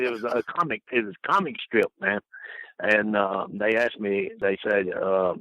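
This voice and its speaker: An older man rambling through a folksy anecdote as an interview guest, his voice bright and forceful. He laughs at his own stories, and the sound is dry and close. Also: medium pitch, lively intonation, normal speed, no room sound, poor audio.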